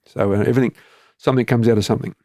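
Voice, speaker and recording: Rapid-fire and warm, this mid-range male voice keeps a fairly even intonation. The speaker, a former police commander in his fifties with an Australian accent, is a guest sharing candid stories in a plain, chatty manner. There's no echo and the studio sound is clean.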